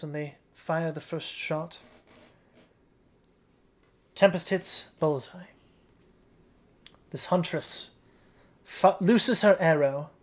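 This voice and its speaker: A game master narrating a tabletop game in a relaxed storytelling manner. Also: medium pitch. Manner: relaxed storytelling, with occasional restarts.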